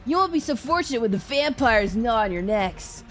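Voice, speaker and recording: A woman's voice: on the high side, lively intonation, normal speed, soft background music, voice pushed up, natural voice. A woman voicing a cocky young male bully in a game, mocking and taunting with a patchy put-on British twang. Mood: sneering. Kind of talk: voicing lines in a game playthrough.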